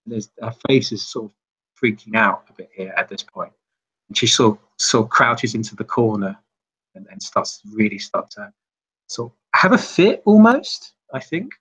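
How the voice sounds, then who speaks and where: A man's voice: on the low side, very animated, normal speed, fairly bright tone, slightly rough, low-quality recording. A man narrating as game master, rambling loosely with many fillers.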